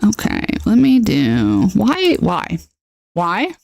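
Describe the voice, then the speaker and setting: Animated nasal woman streaming a game. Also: mid-range voice, slow, vocal fry, no echo. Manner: animated, self-deprecating, exasperated at tech trouble. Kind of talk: casual live-stream chat while gaming.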